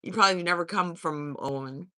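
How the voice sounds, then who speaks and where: A woman's voice: lowish voice, fast talker, sharp tone, no echo, clean studio sound. A woman in her fifties hosting a casual livestream, reading and answering viewer comments in a blunt, sassy way full of swearing. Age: 50s. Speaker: livestream host.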